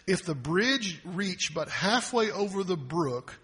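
A man preaching a sermon as pastor, emphatic and rhetorical, swinging from loud bursts to hushed lines. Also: sits high, animated, takes it slowly, slightly rough. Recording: long hall reverb.

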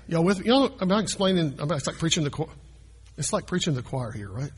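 This pastor talks with his congregation in a conversational way during a sermon, asking them questions. A little high and slightly rough, his voice has lively intonation and a quick pace, echoing with long hall reverb in the church sanctuary.

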